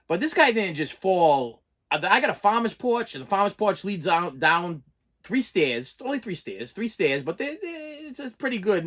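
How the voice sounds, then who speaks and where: Man, middle-aged, casual rambling vlog storytelling, stammers and repeats himself, fairly high voice. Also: fairly bright tone. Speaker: movie collector vlogger.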